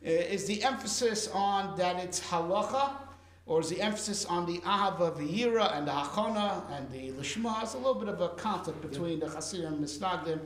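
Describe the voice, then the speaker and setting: High-voiced man teaching a Torah class. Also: roomy sound. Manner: conversational, sprinkled with Hebrew and Yiddish terms, asks "right?".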